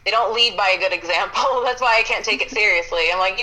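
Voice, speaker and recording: A woman chatting as a guest, excitable and quick to laugh, swearing freely. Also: mid-range voice, low-quality recording. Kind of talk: casual chat.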